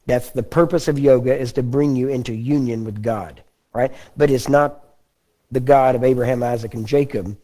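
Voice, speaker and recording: Texan guy preaching, laid back folksy sermon, warm mellow tone. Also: mid-range voice, steady tone, normal speed. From Texas. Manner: folksy, conversational, frequent throat-clearing.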